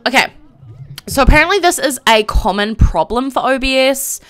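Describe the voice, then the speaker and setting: A woman live-streaming a game, chatting casually to viewers in a flustered, excitable way and exclaiming often. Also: high voice, moderate pace, soft background music. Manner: flustered, excitable, lots of "oh my gosh" and laughing.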